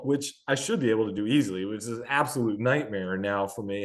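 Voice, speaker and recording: A man's voice: on the low side, fairly quick, few pauses. A man in his forties, a veteran endurance athlete, telling candid, self-deprecating stories in a casual interview, with many fillers. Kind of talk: casual storytelling in a podcast-style interview.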